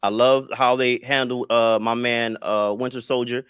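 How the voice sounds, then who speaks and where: Halting, easygoing man on a podcast. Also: medium pitch, level tone, fairly bright tone, clear, resonant tone, no room sound, studio quality. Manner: halting, repeats words, hedges with fillers. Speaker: podcast panelist ranking films. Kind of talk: casual podcast chat.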